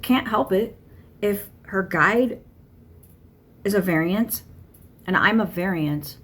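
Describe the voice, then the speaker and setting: A woman's voice: medium pitch, a bit bright. A woman giving a channeled monologue to camera, blunt and irritated, swearing constantly. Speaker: tarot channeler.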